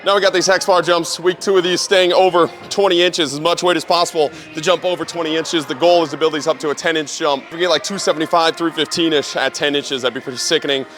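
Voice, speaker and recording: A man's voice: fairly high pitch, steady tone, quick pace, hardly any pauses, fairly bright tone, soft background music. A young man filming a gym training vlog as a strength coach, hyped and talking between lifts, often swearing.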